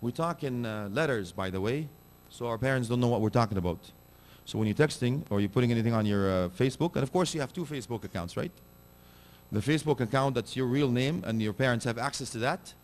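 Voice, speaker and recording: A man preaching a sermon, animated and direct, asking his listeners pointed rhetorical questions. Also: medium pitch, fast.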